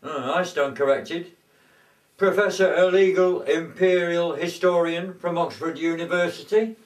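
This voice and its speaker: A man's voice: fairly high pitch, a little slow, natural voice. A man, full of exclamations. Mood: announcing. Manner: excitable, exclaiming. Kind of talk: amateur comedy sketch. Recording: echoey room, voice from far off.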